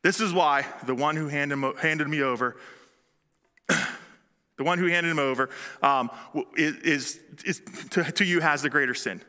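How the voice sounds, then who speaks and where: A preacher playing Jesus as a calm, grave man who speaks in a slow, low, measured way. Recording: long hall reverb.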